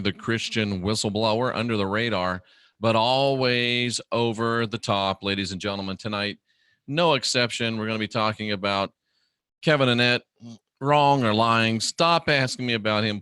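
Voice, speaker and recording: A man hosting his own show, ranting emphatically, swinging from a low drawl to loud indignant peaks. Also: no room sound, studio quality. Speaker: host. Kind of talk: ranting monologue.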